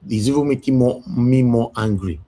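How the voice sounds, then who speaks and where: A man's voice: medium pitch, moderate pace, dark tone. A man with a Nigerian accent hosting a heated discussion, talking in an angry, emphatic rant. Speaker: show host.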